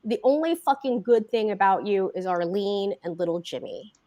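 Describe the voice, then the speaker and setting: A man's voice: high voice, lively intonation, moderate pace, warm tone. A woman reading aloud, voicing a crude, abusive man who curses his wife with contempt. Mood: contemptuous. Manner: cursing, contemptuous. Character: crude, abusive, beer-drinking husband, man.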